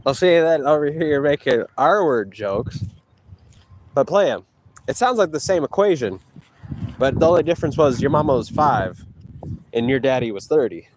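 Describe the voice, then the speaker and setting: Brief: man, walking vlogger, taunting and boastful, lively up-and-down delivery, phone mic outdoors with faint noise. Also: medium pitch, moderate pace, pauses often. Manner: taunting, boastful, talks to a rival between breaths. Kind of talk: trash-talking walk vlog. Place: outdoors on a walk.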